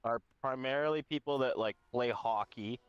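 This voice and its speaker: A man's voice: mid-range voice, normal speed, clear, resonant tone, dry recording, soft background music. A man co-hosting a podcast in casual chat, rambling with lots of "like" and laughter. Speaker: podcast co-host. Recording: slightly dull lo-fi sound.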